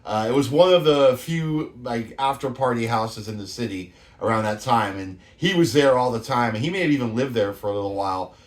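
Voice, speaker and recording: A man's voice: mid-range voice, a little fast, few pauses. A man in his fifties from the San Francisco Bay Area, hosting a show and telling loose, profane stories with plenty of laughs. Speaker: show host. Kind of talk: casual storytelling monologue.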